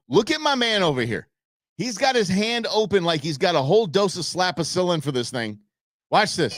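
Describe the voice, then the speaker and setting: A man hosting a show, giving playful, animated commentary over viral videos and talking back at the footage. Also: high voice, a little fast, a crowd in the background, noisy background. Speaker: show host.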